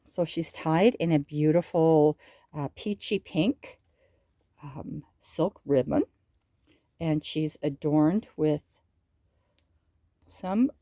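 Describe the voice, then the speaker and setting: Slow, low-voiced woman crafting vlogger. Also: dark tone, no echo. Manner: chatty, gushing over crafts. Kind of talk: casual show-and-tell.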